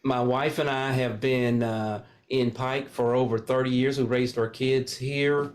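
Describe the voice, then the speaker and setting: An older man from Kentucky talks in an earnest, steady way, pausing on fillers as he explains his background. His voice sits at an ordinary middle pitch for a man. He has the settled delivery of a longtime pastor. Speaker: pastor and candidate. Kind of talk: casual interview talk.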